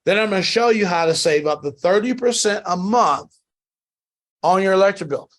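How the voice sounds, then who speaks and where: Guy pitching on a training call, kinda high voice, pushy and repetitive. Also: normal speed. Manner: emphatic, repetitive motivational pitch. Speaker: network marketing trainer.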